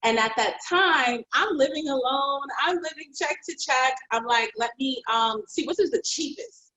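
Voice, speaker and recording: A woman painter telling her own story in an interview, heartfelt and expressive and quick to laugh. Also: high-pitched. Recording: roomy echo.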